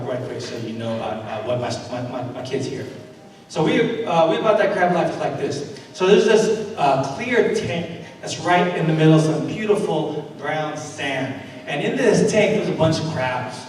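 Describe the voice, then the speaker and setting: An earnest man gives a talk in a large hall, and his fairly high voice carries a long, rolling echo. He sounds some way off from the mic. He speaks conversationally and works in a few fillers. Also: slight background noise. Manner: conversational and earnest, many fillers, building to rhetorical questions. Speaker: invited speaker and educator. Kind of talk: conference talk with storytelling. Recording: echoey hall from far off.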